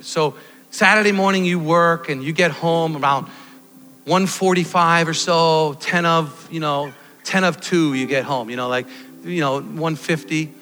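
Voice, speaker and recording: A man preaching a sermon, swinging from loud exhortation to quiet storytelling. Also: on the high side, moderate pace. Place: church hall. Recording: long hall reverb with faint music.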